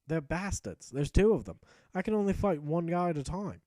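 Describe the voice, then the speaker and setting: A man's voice: on the high side, big pitch swings, moderate pace, dark tone, dry recording. A man voicing his own game knight, a bumbling young hero who swears and mutters nervously to himself. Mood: scared.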